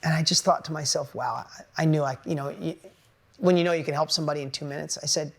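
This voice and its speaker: A man giving a blunt, energetic motivational talk to an audience as a business coach, casual and swearing freely. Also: fairly high pitch, quick pace, creaky.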